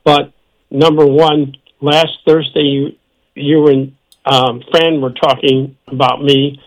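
A man's voice: on the high side, little pitch movement, rough recording. Guy calling a radio show, got the hiccups, keeps stopping and restarting. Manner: halting, many restarts and fillers. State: has the hiccups. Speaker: caller. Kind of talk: call-in phone chat.

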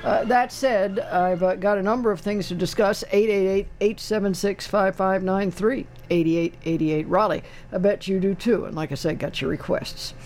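A man's voice: high-pitched, fairly even intonation, normal speed, hardly any pauses, darkish tone, a little hiss or hum. An older man hosting a radio call-in show, chatting casually in a wry, rambling way with many fillers. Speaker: radio talk show host. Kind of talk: casual chat.

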